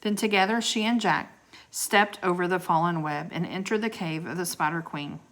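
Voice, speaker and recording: A woman's voice: lowish voice, normal speed, a bit bright. A woman reading a children's book aloud, with chatty asides to her listeners. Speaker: storybook reader.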